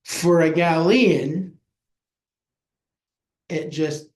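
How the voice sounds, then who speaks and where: A middle-aged male pastor with a somewhat high, slightly mellow voice leads a Bible study, taking it slowly. He's folksy and often acts out the voices of people in the story. The room is echoey.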